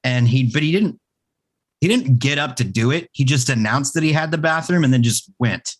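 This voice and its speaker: A man hosting a casual podcast, mid-pitched and talking in a loose, rambling, jokey way. He stumbles through restarts and fillers as he spins his stories. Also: expressive, normal speed. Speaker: podcast host.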